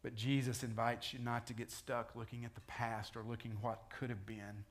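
A male pastor gives a sermon in a conversational tone, talking straight to his listeners. His voice sits at an ordinary middle pitch, and he lifts it loudly for the dramatic scripture quotes. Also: little pitch movement, moderate pace. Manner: conversational preaching, rising to loud dramatic quotes.

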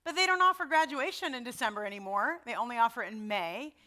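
A middle-aged woman preaches a sermon in a personal, conversational manner, frequently checking in with her listeners. Her voice is a little high, pushed and bright, with lively intonation and a fast pace.

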